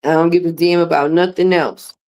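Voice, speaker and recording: A woman's voice: lowish voice, steady tone, fairly quick, darkish tone. A middle-aged woman hosting a livestream, talking in a blunt, profane, sassy way as she comments and chats with viewers. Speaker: livestream host.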